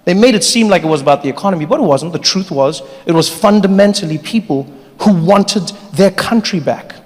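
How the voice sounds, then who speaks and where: A man from South Africa performing stand-up comedy, telling stories in an animated, exaggerated way. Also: sits high, a little fast. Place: large theatre, live audience. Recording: live hall, audience laughter.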